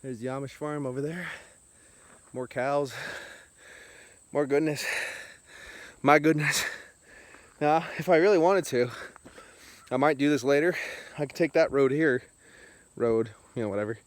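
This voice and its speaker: A man's voice: fairly high pitch, a little slow, pauses often, dry recording. Out-of-breath man rambling on a walk. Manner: rambling, joking, chatty. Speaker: beer vlogger. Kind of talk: casual walking vlog. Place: outdoors on a country road. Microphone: handheld camera.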